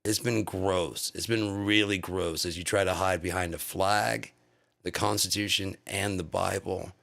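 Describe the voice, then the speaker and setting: A man's voice: low voice, vocal fry, a bit bright. A man on a live stream delivering an angry, profane political rant full of insults.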